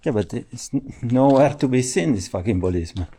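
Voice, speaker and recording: A man's voice: medium pitch, lively intonation, fairly quick, mellow, slightly rough. A man with an Italian accent vlogging outdoors while touring, complaining and swearing to the camera in a casual way. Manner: grumbling, swearing, talking to camera. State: hot and tired. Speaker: cycling vlogger. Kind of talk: casual travel vlog. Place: outdoors at ruins.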